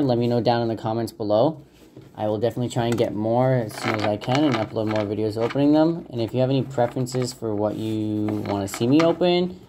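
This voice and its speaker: A man hosts a laid-back pack-opening video in a dark, mellow voice with a gravelly edge. He talks casually and hesitantly, pausing on fillers and stumbling over names. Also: on the low side, a little hiss or hum. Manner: relaxed, hesitant, many fillers, unsure of names. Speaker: channel host opening trading card packs. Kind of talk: casual unboxing commentary.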